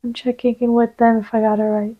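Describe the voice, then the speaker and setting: A woman giving a channeled card reading, gentle and reassuring, sometimes dropping to a soft whisper as she places cards. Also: a little high, flat delivery, quick pace, highs cut off. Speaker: tarot reader.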